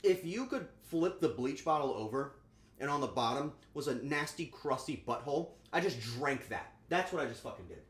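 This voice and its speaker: Animated crude-joking male streamer. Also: mid-range voice, moderate pace. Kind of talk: casual livestream chat while cooking. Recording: echoey room with faint ambience.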